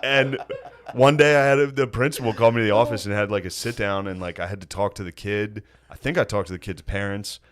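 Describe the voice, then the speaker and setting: Male podcast co-host, lower voice, relaxed and profane. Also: fast talker. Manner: laid-back, profane storytelling. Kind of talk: casual chat.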